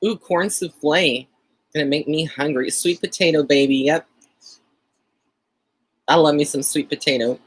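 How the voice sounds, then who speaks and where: A man's voice: fairly high pitch, a little slow, long pauses, breathy edge. A man with a Texan accent hosting a casual live-stream chat, rambling along with plenty of fillers and easy laughs. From Texas. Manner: chatty and rambling, frequent fillers and light laughter.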